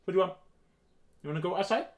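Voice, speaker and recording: A man using a silly, high baby-talk voice as he speaks to his puppy during a game recording. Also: animated, very fast. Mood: playful.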